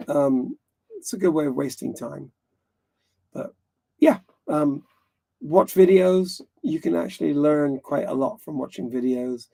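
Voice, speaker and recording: A man's voice: fairly high pitch, creaky, dark tone, slightly rough. A man hosting a live stream, chatting casually in a rambling way, often correcting himself and laughing. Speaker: livestream host.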